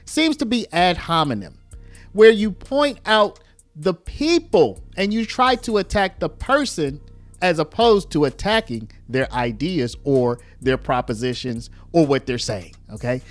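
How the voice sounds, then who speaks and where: A man's voice: on the high side, sing-song, unhurried, no room sound, soft background music. A man giving argumentative commentary on played clips, explaining step by step with rhetorical asides.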